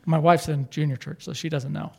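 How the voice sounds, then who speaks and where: A man's voice: a little high, fairly even intonation, fairly quick, gravelly, mellow, slightly rough. A middle-aged man, a pastor, preaching a sermon in an earnest, conversational way, often repeating and restarting phrases.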